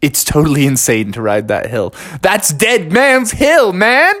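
A man voicing a laid-back young male forest creature in a bedtime story, talking quickly in slang with awe. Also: lowish voice, fairly even intonation, pitched below the performer's own voice, natural voice. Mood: awed.

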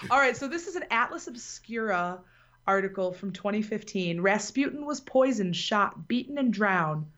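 A woman's voice: medium pitch, expressive, normal speed, a bit bright, highs cut off. A woman hosting a casual chat, telling a story in a rambling way and laughing often. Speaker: podcast host.

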